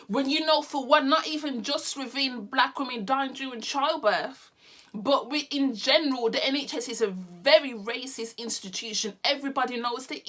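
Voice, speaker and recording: A woman's voice: high-pitched, unhurried, sharp tone. A young woman from the United Kingdom, angrily ranting to camera in a blunt, sarcastic vlog with plenty of swearing. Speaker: vlogger. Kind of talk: heated opinion rant to camera.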